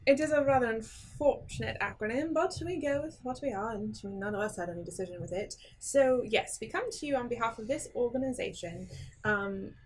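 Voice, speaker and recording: A woman's voice: on the high side, a little fast, husky, low-quality recording. Woman speaking formally in character. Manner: formal, polite speech. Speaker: player. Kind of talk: in-character tabletop role-play.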